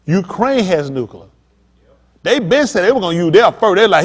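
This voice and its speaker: A man's voice: high-pitched, expressive, normal speed, breathy edge. A male pastor preaching a sermon, talking straight to the congregation with emphatic, pressing questions. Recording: long hall reverb.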